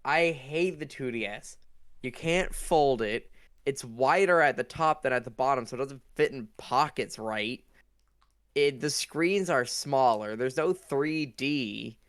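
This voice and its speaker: A man's voice: medium pitch, unhurried. A man, hosting a casual podcast chat and ranting emphatically in bursts. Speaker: podcast host.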